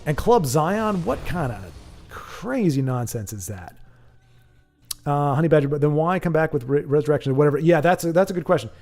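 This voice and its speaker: A man hosting a casual livestream, reading viewer comments aloud and rambling off on animated tangents with lots of restarts. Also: fairly high pitch, a little fast. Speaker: livestream host.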